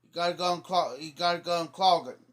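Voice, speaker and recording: A man's voice: a little high, fast talker, a bit bright. A man telling rambling, folksy stories about local sayings in a casual, teasing way. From Ohio. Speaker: livestreamer. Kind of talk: casual storytelling.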